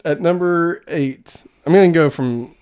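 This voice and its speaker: A woman's voice: low-pitched, unhurried, darkish tone, clear, resonant tone. A woman co-hosting a podcast in casual chat, laughing often as she talks. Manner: giggly, laughs often while talking. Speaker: podcast co-host.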